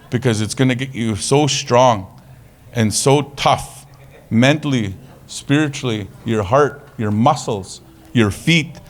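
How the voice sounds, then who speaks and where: Joking, casual man giving a talk. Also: medium pitch. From Canada. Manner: casual, joking, animated storytelling. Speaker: conference presenter. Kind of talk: conference talk.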